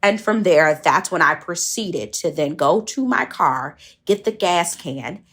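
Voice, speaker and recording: A woman in her forties from Michigan, telling a personal story in a candid, animated and profane way. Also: fairly low pitch, measured pace. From Michigan, USA. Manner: candid, profane, animated, laughs mid-sentence. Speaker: podcast host. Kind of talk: casual storytelling.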